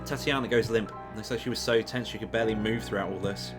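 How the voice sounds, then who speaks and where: A woman with a very low voice narrates a visual novel at a quick clip. She drops in wry, chatty asides between lines. Game music plays under her voice. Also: steady tone. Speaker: streamer.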